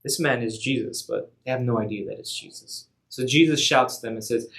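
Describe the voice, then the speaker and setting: A man telling a Bible story for a youth ministry in a relaxed, slangy way. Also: mid-range voice, brisk. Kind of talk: casual Bible story retelling.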